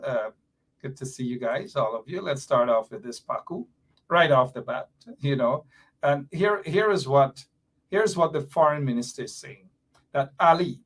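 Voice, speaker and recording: A man hosting a live-stream political commentary show, animated and repetitive, teasing his viewers. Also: a little high. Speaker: show host.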